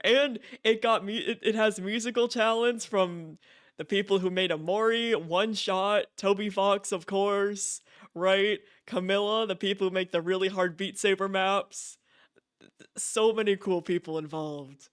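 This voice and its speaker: Young man, excitable streamer, unhurried, dry close sound. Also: high voice, clear, resonant tone, no room sound. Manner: excitable, gushing, repeats himself, laughs often. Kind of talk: casual live-stream chat.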